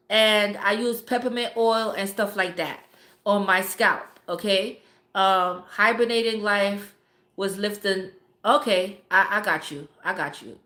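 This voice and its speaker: A woman's voice: mid-range voice, pushed and bright. A woman hosting a casual live stream, talking bluntly and cursing often while greeting viewers by name. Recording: echoey room.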